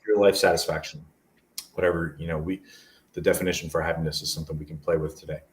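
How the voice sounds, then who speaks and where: Recorded from a distance, this man in his forties from New Jersey speaks quickly in a rumbling low voice with fairly even intonation. He's a motivational speaker appearing as a guest in a casual interview, telling stories in an earnest, rambling way.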